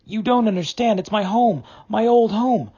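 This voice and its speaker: A man's voice: sits high, lively intonation, measured pace, slightly rough, muffled recording, exaggerated voice. A man voicing a small, anxious, homesick male mole who pleads urgently for his friend to come back. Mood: pleading.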